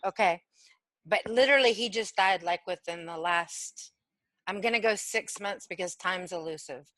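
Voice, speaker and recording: A woman sitting for a reading, chatting and joking in a quick, casual way. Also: lowish voice, fairly bright tone, dry recording, rough recording. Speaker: sitter in a reading. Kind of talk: casual chat.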